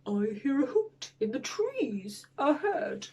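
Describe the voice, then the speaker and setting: A woman voicing a big, hungry male storybook monster in a low, hushed, whispery voice. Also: big pitch swings, takes it slowly, distant mic, a little hiss or hum, heavily acted. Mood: menacing hush.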